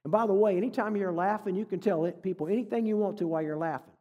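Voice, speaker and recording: A man's voice: sits high, very fast, lo-fi sound. A man giving a folksy, conversational sermon as a guest speaker, telling stories and joking with the congregation. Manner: folksy, conversational, jokes with the audience. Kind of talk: sermon with storytelling. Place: church hall. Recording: reverberant church hall.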